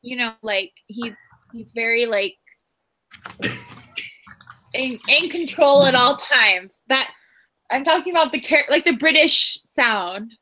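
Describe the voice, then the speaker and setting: A chatty woman playing a tabletop game, rambling through fillers and laughing along the way. Her voice sits a little high and sounds bright. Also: lively intonation, takes it slowly, pauses often, slight background noise, poor audio. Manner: chatty, uses many fillers, often laughs. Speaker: player. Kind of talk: casual tabletop game chat.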